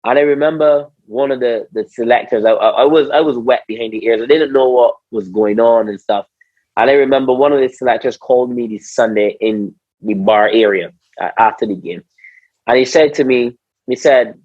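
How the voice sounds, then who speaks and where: A man's voice: medium pitch, a little fast, dry recording. A man with a Barbadian accent, a former cricketer being interviewed, telling stories animatedly, repeating words and acting out what people said. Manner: animated, repeats words, acts out quotes, says "bro". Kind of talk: casual storytelling interview. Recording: slightly dull, dry podcast audio.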